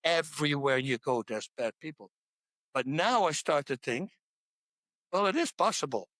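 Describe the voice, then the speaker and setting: A man's voice: a little high, expressive, normal speed, a bit bright, dry recording. A man talking as a podcast guest in a casual interview about faith, pressing his points home with repetition. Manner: emphatic, repeats points to hammer them home.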